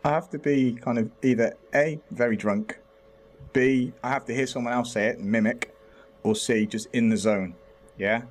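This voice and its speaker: A man's voice: mid-range voice, steady tone, normal speed. A man chatting as a podcast guest, playful and laughing a lot. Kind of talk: casual chat among friends.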